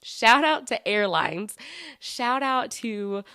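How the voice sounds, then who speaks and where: A woman's voice: on the high side, animated, slow pace, sharp tone, clean tone, no room sound, studio quality. A woman hosting her own podcast in a casual, enthusiastic, rambling chat full of fillers. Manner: chatty and rambling, with many fillers and restarts; enthusiastic, gushing. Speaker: podcast host.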